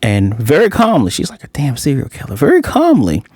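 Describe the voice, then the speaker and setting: Man, anime reviewer, casual ranting talk, acts out lines, mid-pitched voice, dry close sound. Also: huge pitch swings, fairly quick, darkish tone, no echo.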